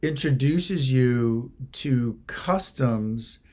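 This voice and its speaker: A man's voice: mid-range voice, drawn-out words, darkish tone. A man co-hosting a podcast, telling a travel story in casual chat and checking often that his co-host agrees. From United States.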